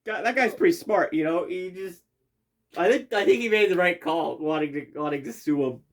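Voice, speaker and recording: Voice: mid-range voice, normal speed. A creator giving casual commentary over their own comedy video, rambling, swearing casually and laughing often.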